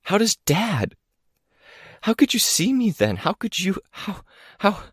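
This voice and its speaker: A man's voice: sits high, very animated, slow pace, slightly rough, no room sound, studio quality, voice pushed up, exaggerated voice. Man voicing a strangled-whisper young heroine. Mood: distraught. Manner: bitter, breathless, accusing. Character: distraught young woman heroine, bitter. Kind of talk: audiobook character reading.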